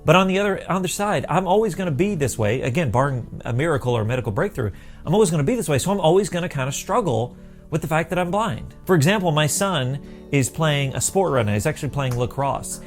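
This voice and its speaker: A man's voice: a little high, lively intonation, fast, soft background music. A middle-aged man talking to camera in an earnest, rambling, encouraging way, with restarts and bits of self-talk. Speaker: vlogger on living with sight loss.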